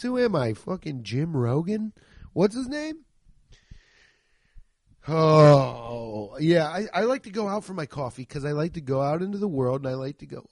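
A man's voice: fairly high pitch, normal speed, no room sound. A man hosting a podcast, ranting casually and comically with lots of swearing and rambling asides. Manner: profane, rambling, animated. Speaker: podcast host. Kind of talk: casual comedic rant.

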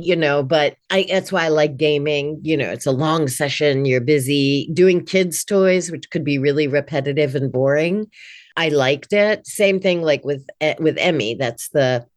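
A middle-aged woman with a low-pitched voice talks in a relaxed, candid interview about her voice-over work. She is a chatty speaker whose sentences wander, dotted with "like" and "you know." She sounds like a seasoned teacher of the craft sharing her experience. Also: moderate pace, no echo, studio quality. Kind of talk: casual interview chat.

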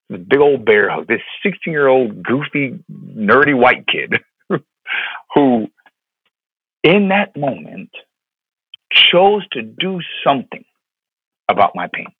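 A man's voice: medium pitch, creaky, slightly rough, no echo. A man in his thirties from Florida, a pastor telling a personal story in an interview, earnest and heartfelt, with many fillers and repeated words. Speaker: pastor, podcast guest. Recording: dry, tinny phone-line sound.

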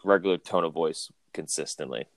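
A rumbling low male voice, brisk, with no room sound. He's co-hosting a podcast remotely from home, chatting casually in a rambling, joking way and using plenty of fillers.

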